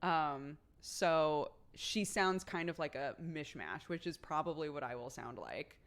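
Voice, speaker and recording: An American woman streamer chatting casually with her viewers, chatty and quick to laugh, with lots of "like" fillers. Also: low voice, expressive. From United States.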